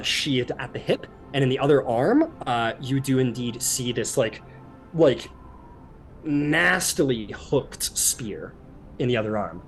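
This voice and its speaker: A man narrating a tabletop game as its game master, his voice sitting at an ordinary middle pitch. He talks in a loose, rambling way, full of fillers. Faint music plays behind him. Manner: loose, filler-heavy narration with sudden shouted NPC outbursts.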